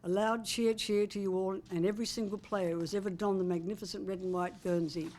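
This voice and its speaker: A woman's voice: medium pitch, steady tone, fairly quick, darkish tone, slight background noise. An older woman, in her seventies, speaks as an author at a book launch. Her prepared speech is heartfelt and affectionate, with touches of wry humour. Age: 70s.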